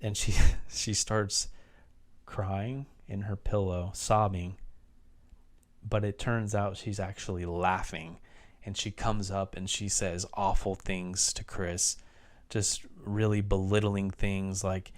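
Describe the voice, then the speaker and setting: A man's voice: on the low side, little pitch movement, slow pace. A man casually recapping an old movie's plot for his review show, rambling with frequent restarts and fillers. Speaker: film reviewer.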